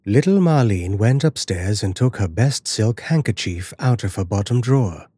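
A man giving a measured, dramatic scripted narration of a horror fairy tale. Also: lowish voice, lively intonation, dark tone, slightly rough, no room sound.

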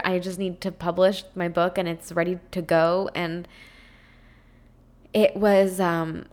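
Earnest, low-voiced woman podcaster. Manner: earnest and heartfelt, speaking in spiritual self-help terms; chatty, with frequent "like" and "um". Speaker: podcast host. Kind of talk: casual podcast monologue.

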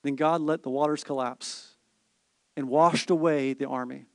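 A man's voice: on the high side, steady tone, unhurried, no echo, clean studio sound. A pastor in his thirties preaching a sermon, telling stories with rhetorical questions and playful asides.

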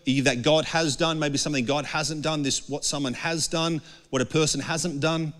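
A man's voice: on the high side, steady tone, moderate pace, fairly bright tone. A man giving an earnest, conversational sermon as pastor, often acting out the voices of people he quotes. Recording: long hall reverb.

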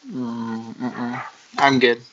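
A man's voice: medium pitch, flat delivery, drawn-out words, fairly bright tone. A man guesting on a podcast in casual chat, hesitant and restarting his sentences, often laughing. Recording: dull lo-fi audio.

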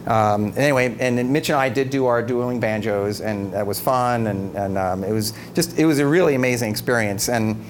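A man's voice: medium pitch, a little fast, few pauses. A middle-aged man giving a humorous talk to an audience, telling stories with animation, often laughing and acting out quotes. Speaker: speaker giving an evening talk. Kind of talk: humorous storytelling speech. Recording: noisy live talk recording. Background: background noise.

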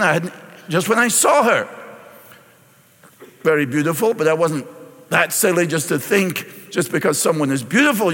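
A middle-aged pastor, preaching a sermon and reading scripture aloud before explaining it. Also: male voice, high voice, a bit bright. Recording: long reverb in a large hall.

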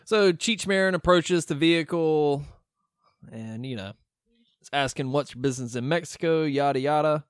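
Man, podcast co-host, casual movie recap, animated, fairly high voice, dry. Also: normal speed, smooth, no room sound. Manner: animated, acts out movie lines with laughter.

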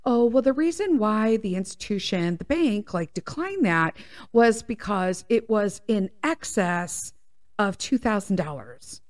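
Woman putting on a sugary fake-calm bank phone agent voice, soft and scripted. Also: medium pitch, measured pace, dry recording, studio quality, lightly acted. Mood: soothing. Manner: soft, falsely soothing customer-service voice. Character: polite scripted female bank call-center agent.

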